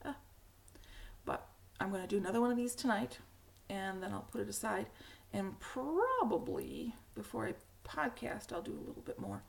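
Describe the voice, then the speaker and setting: A middle-aged woman with a hoarse, cracky voice, hosting a knitting podcast in a rambling, casual chat with frequent laughs. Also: mid-range voice, sing-song, normal speed. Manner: chatty, rambling, laughs often. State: hoarse, frog in throat.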